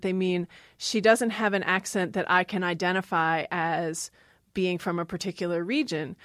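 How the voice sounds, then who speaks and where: A woman's voice: lowish voice, moderate pace, a bit bright, no echo, studio quality. A woman linguist explaining language in an interview, often laughing as she talks. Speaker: linguist guest. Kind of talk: interview talk.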